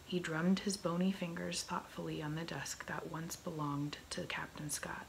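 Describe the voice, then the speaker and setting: A woman reading a children's novel aloud in a slow, soft whisper as a whispered role-play. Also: on the low side, flat delivery, vocal fry, slight background noise, rough recording. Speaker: ASMR reader.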